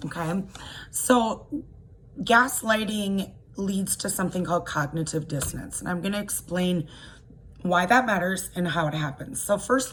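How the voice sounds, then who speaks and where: A woman's voice: lowish voice, fairly bright tone, slight background noise. A woman coach explaining a topic in an informal, chatty way, often checking in with her listeners. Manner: chatty, explanatory, frequent "okay?" check-ins. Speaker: life coach. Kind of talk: informal talk to camera.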